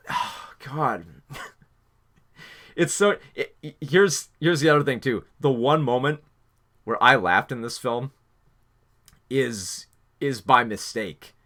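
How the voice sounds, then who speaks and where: A man reviewing a film in a casual spoken style, exasperated and halting with many restarts. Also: medium pitch, expressive, bright, forceful tone.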